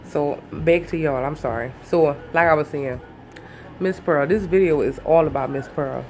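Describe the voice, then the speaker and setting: A woman's voice: deep voice, moderate pace, darkish tone, slight background noise. Woman rambling thru a casual vlog, hiccuping, talks to viewers like family. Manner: chatty, rambling, calls viewers "baby". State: has the hiccups. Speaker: YouTuber.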